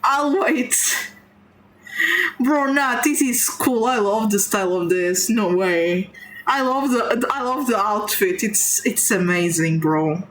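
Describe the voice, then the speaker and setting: A woman's voice: medium pitch, slow, reverberant. A woman streaming live, reacting to a game with gushing slang and talking back to the screen. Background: game music.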